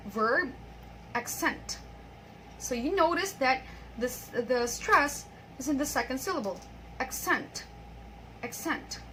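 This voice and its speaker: A young woman hosting an English pronunciation lesson, explaining rules and reading example words and sentences aloud with clear stress. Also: high-pitched, expressive, normal speed, bright, forceful tone, a little hiss or hum, low-quality recording. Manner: explains with repeated filler phrases like "by the way".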